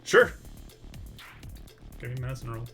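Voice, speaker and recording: A man's voice: mid-range voice, animated, moderate pace, fairly bright tone, faint music behind. A man narrating as game master in a tabletop role-playing session, loose and full of fillers.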